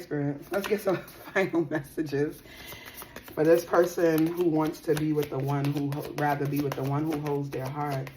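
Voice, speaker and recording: A woman's voice: low-pitched, a little mellow, a little hiss or hum. A woman giving a casual tarot reading to her viewers. She talks in a chatty, slangy, playful way and laughs often. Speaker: tarot reader.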